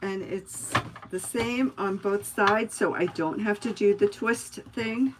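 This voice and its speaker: A middle-aged woman chats through a live crafting session at home. She talks slowly and meanders from story to story, calling out to her viewers as she works. Her voice sits at an ordinary middle pitch, with a faint hum behind her. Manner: chatty, rambling storyteller, talks to viewers by name. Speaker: craft livestream host. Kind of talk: casual chat while crafting live.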